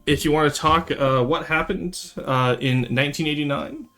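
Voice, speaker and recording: A man chatting casually on a live stream, animated and rambling, quick to laugh. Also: on the high side.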